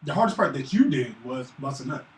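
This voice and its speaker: A man chatting casually and acting out stories about his son, profane and animated. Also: mid-range voice, brisk. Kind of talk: casual chat, storytelling. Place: room at a live stream. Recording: roomy, distant mic, faint hiss.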